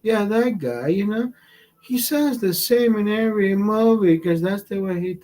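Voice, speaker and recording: A man with a high, slightly mellow voice talks a little slowly while hosting a casual livestream from his home setup in California. He rambles, swears constantly, and chats with viewers.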